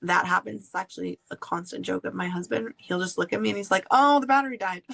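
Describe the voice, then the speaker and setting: A woman hosting a podcast, candidly telling a personal story in an animated way and laughing often. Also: lowish voice, fairly quick, creaky, breathy edge, rough recording. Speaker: podcast host.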